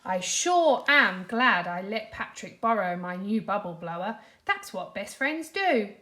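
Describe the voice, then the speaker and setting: A woman voicing an excitable male cartoon sea sponge in a storybook reading, high and eager. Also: measured pace.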